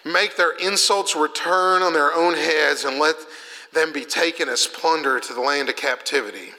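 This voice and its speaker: Casual young male preacher, high bright voice, echoing hall. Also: expressive, normal speed. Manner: conversational preaching, swings from loud to soft. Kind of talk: sermon. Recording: long reverb of a hall.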